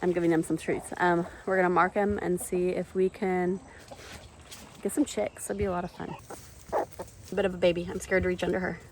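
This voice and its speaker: A woman's voice: a little fast, noisy background. A woman, chatting casually on her home vlog about her chickens, garden and baking. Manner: chatty and animated, jumping up high when talking to animals and kids. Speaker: vlogger, mother of eight. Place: outdoors in a backyard chicken coop and kitchen.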